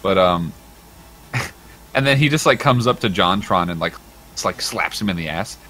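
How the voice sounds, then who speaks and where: A lively man hosting a gaming stream, his voice bright and ringing and swinging widely up and down as he jokes, swears and laughs. He talks casually over the game, with a faint hiss of room noise behind him. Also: normal speed. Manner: animated, swearing, laughing, does squeaky impressions while retelling videos. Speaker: livestream host. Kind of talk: casual gaming livestream chat.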